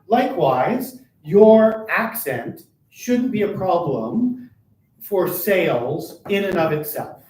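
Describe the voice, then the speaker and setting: An older man with a somewhat high voice presents a live workshop, talking quickly and keeping his listeners with him by asking "right?" and "all right?" He is caught from a distance by a room mic in an echoey space, with faint noise underneath. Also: very animated, a little mellow. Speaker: workshop presenter for a workers' advocacy centre. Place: meeting room at a chamber of commerce.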